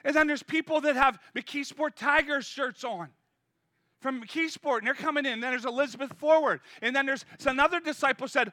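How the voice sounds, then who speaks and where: A man preaching an energetic, conversational sermon and urging his listeners on. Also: very high-pitched, brisk, no echo, clean studio sound. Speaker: pastor.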